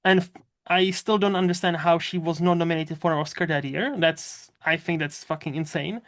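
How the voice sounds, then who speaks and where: A man's voice: on the high side, fairly even intonation, normal speed, fairly bright tone. A man hosting a casual movie podcast, talking in a loose, rambling way with lots of fillers and frequent swearing. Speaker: podcast host.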